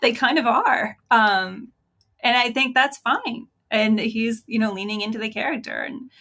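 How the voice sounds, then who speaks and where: A woman's voice: fairly high pitch, a little slow, bright, forceful tone. A woman historian guest answering interview questions in a thoughtful, friendly way, laughing easily.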